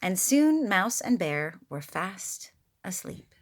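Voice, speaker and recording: A woman reading a picture book aloud, expressive and playful with her own asides. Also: mid-range voice, slow. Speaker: storyteller.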